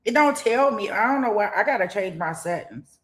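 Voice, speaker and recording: A middle-aged woman hosts a casual livestream commenting on a trial, her medium-pitched voice brisk with lively intonation. Chatty and speaking straight to viewers, she thanks donors and rambles with many restarts and fillers.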